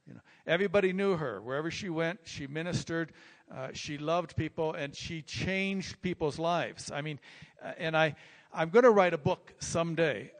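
An older man preaching from the pulpit, his voice sitting a little high and trailing off into long reverb in a big hall. He tells stories in a rambling way, restarting phrases and lifting his energy as he goes. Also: normal speed. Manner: rambling, repeats words, animated when telling stories. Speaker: pastor. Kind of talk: sermon-style personal storytelling.

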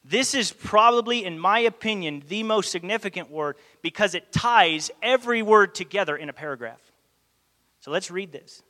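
A man's voice: high voice, moderate pace. A man preaching a sermon, telling a story animatedly and acting out the dialogue. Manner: animated, acts out quoted dialogue. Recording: long hall reverb.

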